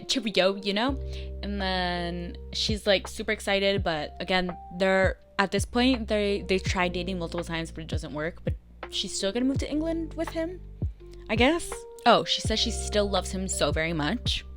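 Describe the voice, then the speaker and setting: A young woman casually reading and recapping a story aloud, chatty, and acting out the lines of dialogue in animated bursts. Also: lowish voice. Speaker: vlogger reading fanfiction aloud.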